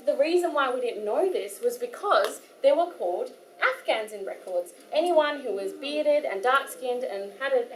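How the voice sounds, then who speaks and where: Chatty Australian woman, high voice. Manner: chatty, many fillers and restarts. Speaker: workshop speaker. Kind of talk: casual talk to an audience. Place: community hall. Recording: echoey hall with faint room noise.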